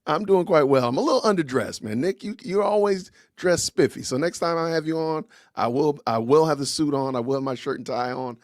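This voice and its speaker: A man's voice: fairly high pitch, a little fast, hardly any pauses, dry recording, clean studio sound. A man hosting a casual livestream podcast, greeting viewers with slangy, upbeat phrases and introducing his guest. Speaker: podcast host.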